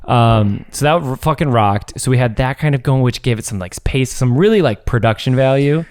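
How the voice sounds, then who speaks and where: A man's voice: mid-range voice, normal speed, darkish tone, smooth, dry recording. A man co-hosting a podcast in casual chat, laid-back and swearing often, trailing off mid-sentence. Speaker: podcast co-host.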